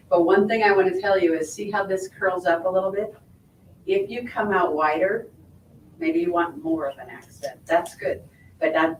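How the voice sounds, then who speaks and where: A woman's voice: fairly low pitch, far from the mic, a little hiss or hum. A woman sewing instructor giving a hands-on quilting demonstration, explaining step by step and checking in with her viewers as she goes. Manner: friendly step-by-step explaining, checking in with "right?" and "okay?". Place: sewing shop or studio. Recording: echoey room, voice from off-mic.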